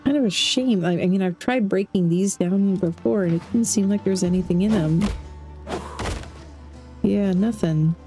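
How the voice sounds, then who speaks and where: A woman giving casual, chatty let's-play commentary as a game streamer, thinking out loud as she plays. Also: medium pitch, moderate pace, soft background music. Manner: chatty, thinks aloud while playing.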